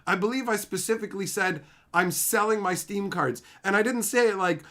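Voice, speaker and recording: A man's voice: fairly quick, hardly any pauses. A man hosting a casual livestream, reading viewer comments and joking boastfully, calling viewers bro and son and swearing freely. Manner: lively swings in pitch and loudness, mock shouting. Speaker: livestream host.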